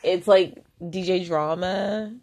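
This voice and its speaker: A woman's voice: on the low side, slow. Chatty American woman podcast co-host. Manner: relaxed and chatty, with many "like" fillers. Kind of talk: casual chat.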